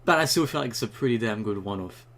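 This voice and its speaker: A young man ranting casually and excitedly about a new card, rambling and swearing often, just after waking up. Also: on the low side, quick pace, slight background noise. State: just woke up. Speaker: YouTuber reviewing a card.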